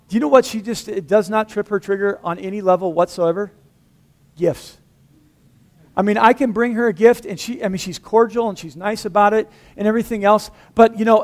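A man preaching a sermon as pastor, in a lively, conversational way with humor, acting out dialogue in different voices. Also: high-pitched.

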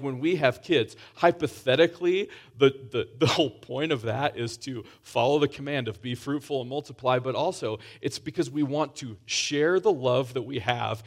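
A man preaching a sermon in a conversational way, often restarting phrases and pushing up for emphasis. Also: medium pitch.

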